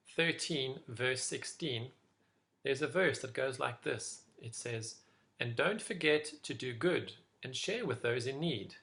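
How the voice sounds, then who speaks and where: A man leading an online school assembly, telling a fable to children in an animated way. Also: medium pitch, gravelly. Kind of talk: school assembly talk with storytelling.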